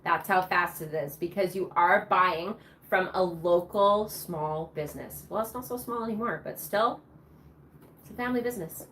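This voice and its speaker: A woman's voice: fairly low pitch, moderate pace, a bit bright, slight background noise. A woman hosting a live shopping show, bubbly and chatty, cheering during the prize wheel spins. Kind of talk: upbeat live sales presentation.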